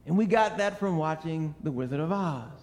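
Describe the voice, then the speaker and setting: A man's voice: a little high, expressive, normal speed, darkish tone. A man preaching a sermon with an earnest, storytelling delivery full of rhetorical questions. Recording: long hall reverb.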